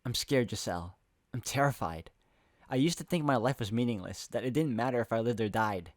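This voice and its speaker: Soft-spoken man reading game dialogue. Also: mid-range voice, lively intonation, a little fast. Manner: soft, emotional, hesitant reading. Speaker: game walkthrough narrator.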